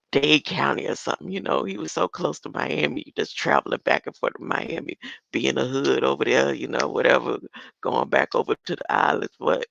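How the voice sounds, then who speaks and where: A woman's voice: sits low, a bit bright, dry recording, highs cut off. A woman giving casual, laughing, mocking commentary on old recordings, talking straight to her listeners. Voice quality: gravelly.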